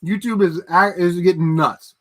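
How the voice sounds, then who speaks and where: A man's voice: high voice, fairly even intonation, normal speed. A man hosting a casual livestream, chatting with viewers and ranting with plenty of swearing and laughter. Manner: ranting, profane, laughs at his own jokes. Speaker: livestream host.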